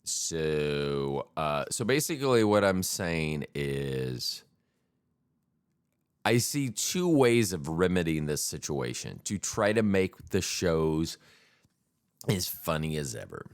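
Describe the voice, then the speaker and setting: A man with a very deep, clean-toned voice speaks slowly, his pitch swinging widely. He's a podcast host delivering a casual solo comic monologue that rambles and turns crude and self-deprecating.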